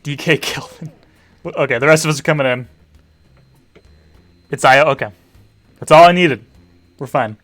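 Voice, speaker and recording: A man's voice: a little high, normal speed, long pauses, a bit bright, no echo, faint music behind. A man, a teacher hosting a party game stream for students, chatting casually with dry offhand asides as he sets up rounds. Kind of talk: casual livestream chat.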